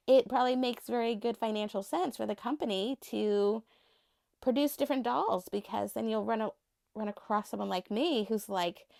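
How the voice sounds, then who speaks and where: A woman collector with a high, thin voice, rambling casually and laughing often as she shows her dolls. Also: gravelly, darkish tone, dry recording, clean studio sound. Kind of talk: casual unscripted vlog chat.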